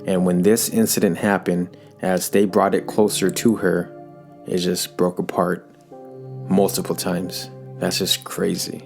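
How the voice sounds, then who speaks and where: A man co-hosting a casual podcast, explaining plainly in a measured way. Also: low-pitched, little pitch movement, creaky, darkish tone, soft background music. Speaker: podcast co-host.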